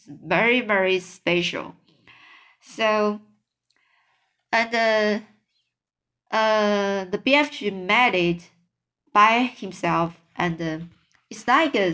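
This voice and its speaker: A woman reading a children's book aloud, then talking freely in a halting way with many fillers. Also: mid-range voice, fairly bright tone. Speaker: storyteller.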